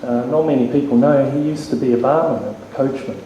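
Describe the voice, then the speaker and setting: A man's voice: medium pitch, fast talker, mellow, lo-fi sound. A man giving an informal eulogy at a funeral, hesitant and full of ums, with a joking touch. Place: funeral hall. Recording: very echoey hall, faint noise.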